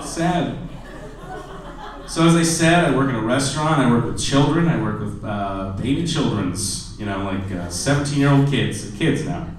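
A man in his twenties doing a stand-up comedy set, self-deprecating, dropping to a low mutter and then bursting into loud shouted bits. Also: lively intonation, normal speed, very echoey, far from the mic, slight background noise, rough recording. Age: 20s. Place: comedy club stage. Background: audience laughter.

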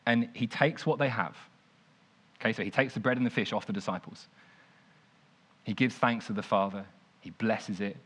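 A young man preaching casually, retelling a story in an animated, conversational way with lots of "like". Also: on the low side, normal speed, long pauses, husky. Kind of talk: informal sermon storytelling.

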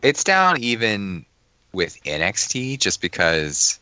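A man's voice: on the low side, wildly swooping pitch, slow pace, sharp tone, smooth, dry recording. Seorang pria bersuara sangat berat namun tajam, bicaranya bertele-tele dan bersemangat, rekaman kering. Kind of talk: casual podcast chat.

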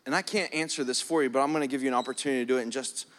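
A man with a medium-pitched, steady voice races through a sermon as a pastor in a church hall. He's earnest, often repeating words and drawing them out for emphasis, while soft keys play in the background.

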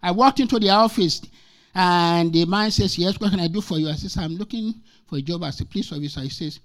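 In a high, fairly bright voice that moves a little fast, a Nigerian man in his sixties preaches as a guest. He emphatically repeats lines of scripture and weaves in personal stories throughout the sermon.

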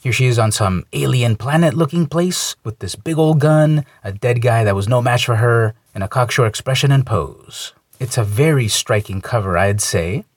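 A man casually reviewing a comic book, talking in a relaxed, conversational way with light opinions. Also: medium pitch, moderate pace, hardly any pauses, no echo, clean studio sound.

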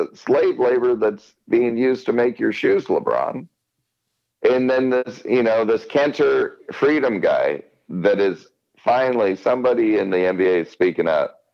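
A man's voice: medium pitch, gravelly, lo-fi sound. A man in casual podcast chat, rambling and swearing, often repeating himself. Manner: rambling, profane, repeats words.

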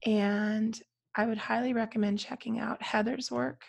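A woman co-hosting a casual podcast chat, her voice scratchy and hoarse from a cold, talking in trailing restarts. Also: a little high, level tone, normal speed, a little mellow. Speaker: podcast co-host.

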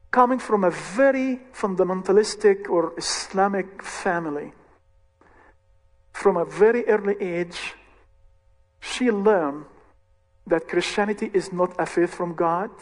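A man who leads a ministry, recounting a conversion story in short, earnest phrases. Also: sits high. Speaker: ministry leader. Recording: long hall reverb.

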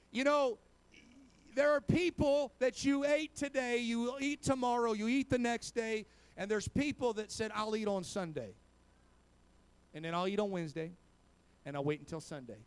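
A man, a pastor, preaching a sermon. He peppers his talk with amen and praise God, and swings from quiet asides to loud exhortation. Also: high voice, clean tone.

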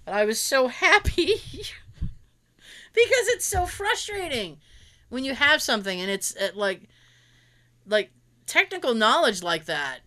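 A woman's voice: high voice, unhurried, pauses often. A woman chatting casually, telling funny stories, acting out what people said, laughing often and swearing freely. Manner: animated storyteller, acts out quotes, laughs often, swears. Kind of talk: casual chat.

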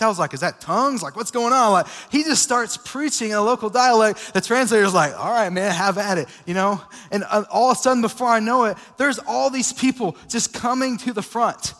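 A young male pastor with a high, bright-pitched voice tells his story from the pulpit in a loose, animated way full of filler words. His voice rings out with the long reverb of a large church hall. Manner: casual, energetic storytelling with many fillers. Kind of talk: sermon, personal testimony.

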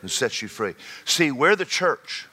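Bright-voiced preacher, folksy and forceful. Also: male voice, mid-range voice, very animated, a little slow, husky. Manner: folksy and joking, shifting between loud exhortation and quiet storytelling. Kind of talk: sermon.

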